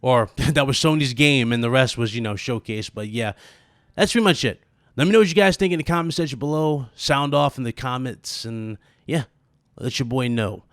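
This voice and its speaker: A man's voice: medium pitch, moderate pace, fairly bright tone, dry recording, studio quality. A man hosting his own gaming channel, talking casually and animatedly straight to his viewers, with plenty of asides and fillers. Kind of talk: casual gaming commentary vlog.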